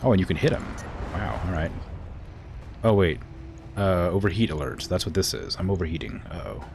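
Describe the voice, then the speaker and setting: Low voiced guy streaming a game, bouncy delivery, laughs a lot, faint music behind. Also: expressive, a little fast, vocal fry, a little mellow, slight background noise. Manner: chatty, laughs easily. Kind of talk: casual let's-play chat.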